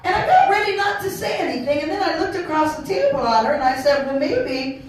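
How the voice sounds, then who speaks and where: A woman pastor preaching a sermon in a lively, playful way, acting out voices and laughing along. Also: very high-pitched, fast, a little hiss or hum. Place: church hall. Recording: echoey hall, mic far off.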